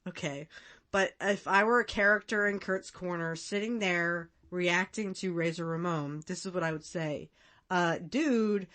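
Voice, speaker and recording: A woman in her thirties hosts a casual podcast. Her voice sits a little low but sounds bright and forceful, and she chats loosely, with plenty of fillers and quick laughs. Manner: chatty, laughs often, many fillers. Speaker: podcast host. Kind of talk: casual commentary.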